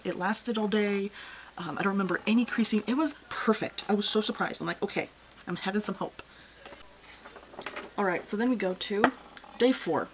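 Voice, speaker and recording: A woman's voice: mid-range voice, slight background noise, low-quality recording. Blunt, exasperated woman reviewing makeup. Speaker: beauty reviewer. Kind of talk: casual product review.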